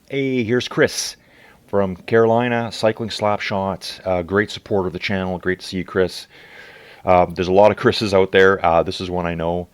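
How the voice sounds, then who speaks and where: A middle-aged man with a deep, low voice commentates a virtual bike race in a loose, chatty way. He rambles, leans on filler "uh"s, and keeps talking to his viewers. The sound is close and dry, with no room echo. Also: a little mellow. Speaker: channel host and race commentator.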